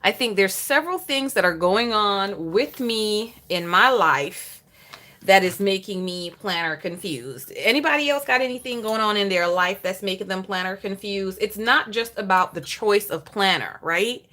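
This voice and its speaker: A woman's voice: mid-range voice, moderate pace, bright, forceful tone. A woman hosting a casual planner livestream, chatting and greeting viewers by name while laughing often.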